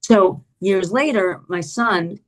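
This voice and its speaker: A middle-aged woman telling a personal story as a guest in an interview, lively and animated, acting out quoted dialogue and using many "like" and "you know" fillers. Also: takes it slowly. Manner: animated, acts out quoted dialogue with big pitch jumps.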